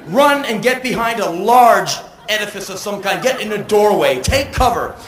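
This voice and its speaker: A man telling a comic personal story, acting out the people in it with sudden shouted outbursts. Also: high-pitched, lively intonation, moderate pace. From United States. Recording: roomy echo with faint ambient noise.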